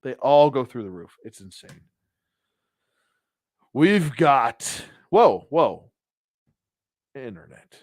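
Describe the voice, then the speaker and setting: A man hosting a casual toy collector review, rambling, laughing at himself and sometimes dropping to a hushed storytelling voice. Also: medium pitch, very animated, takes it slowly, pauses often, dry recording. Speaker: toy collector channel host.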